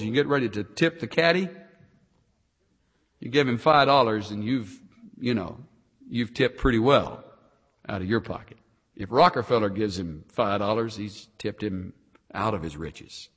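Preacher man with lively emphasis, echoing hall. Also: fairly low pitch, breathy edge. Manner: animated, swings between loud emphasis and soft asides. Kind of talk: sermon.

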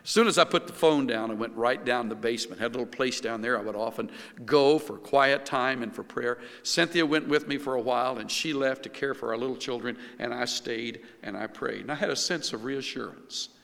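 An older male pastor delivers a sermon in an earnest, measured way, often restarting his sentences. His voice is bright and forceful, and it rings out with the long reverb of a large hall. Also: medium pitch, vocal fry.

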